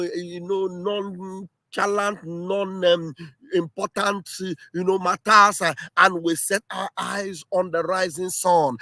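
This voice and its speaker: A man hosts a livestream in a high, bright, ringing voice, heaping up exclamations and often breaking into shouts. His sound is close and dry. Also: no room sound. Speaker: livestream host. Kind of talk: impassioned political livestream commentary.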